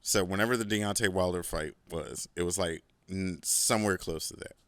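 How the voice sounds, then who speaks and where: Low-voiced and a touch bright, the man hosts his own show and talks at a moderate clip with no echo around him. It's a loose storytelling monologue: profane, meandering, packed with "like," and sprinkled with easygoing boasts.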